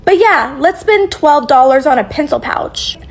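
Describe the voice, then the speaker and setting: High-voiced sarcastic woman commentator. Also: animated, a little slow. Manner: sarcastic, punchy. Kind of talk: sarcastic social media commentary.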